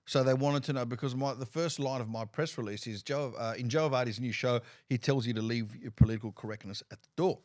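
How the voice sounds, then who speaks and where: A man's voice: medium pitch, fast, few pauses. A man, a comedian hosting a casual conversation, telling stories animatedly with many restarts. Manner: animated storyteller, repeats and restarts while gesturing with his voice. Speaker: comedian and show host.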